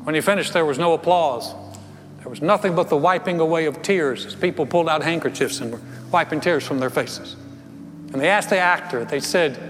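A man's voice: a little high, a little fast, slight background noise. A man preaching a sermon to his congregation, telling a story with earnest, building delivery. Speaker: pastor. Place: church sanctuary. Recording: long hall reverb with soft music.

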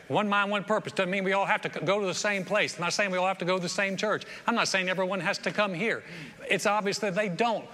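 Bright-voiced pastor preaching in a hall. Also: male voice, high-pitched. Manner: lively, repeats phrases, acts out bystanders' voices for humor. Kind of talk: sermon. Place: church auditorium. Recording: long hall reverb, faint room noise.

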